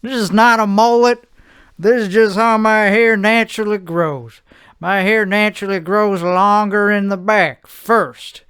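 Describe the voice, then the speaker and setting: A man's voice: high-pitched, a bit bright, clear, resonant tone. A man hosting his own show, talking in a rambling, self-mocking, jokey monologue. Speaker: host.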